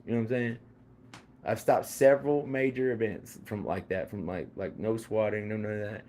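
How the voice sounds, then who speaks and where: A man's voice: fairly low pitch, warm tone, slight background noise. A man talking in a rambling casual monologue, full of fillers, restarts and repeated phrases.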